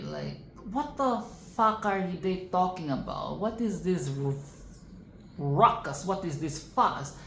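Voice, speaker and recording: A woman giving casual film commentary, sassy and outspoken, swearing freely as she rants and exclaims. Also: sits low. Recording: echoey room with faint noise.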